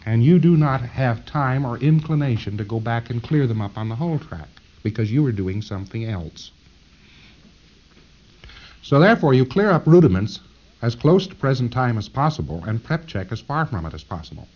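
A man's voice: medium pitch, lively intonation, moderate pace, darkish tone, muffled recording. A man giving a conversational, jokey lecture to trainees, acting out little scenes as he explains.

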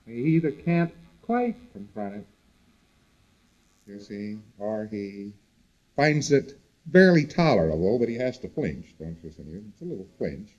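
Male lecturer, lively up-and-down delivery, conversational, repeats for emphasis, husky. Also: fairly low pitch, measured pace, dull audio. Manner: conversational, repetitive, animated emphasis. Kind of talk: recorded lecture to students.

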